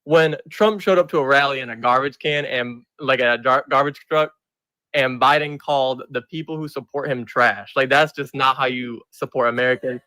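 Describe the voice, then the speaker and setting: Teen guy w/ michigan accent on a stream call, loose and halting, says bro a lot, dry sound. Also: mid-range voice, fairly even intonation, bright, forceful tone, no echo. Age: young adult. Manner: casual, hesitant, slangy. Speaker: caller debating on a stream.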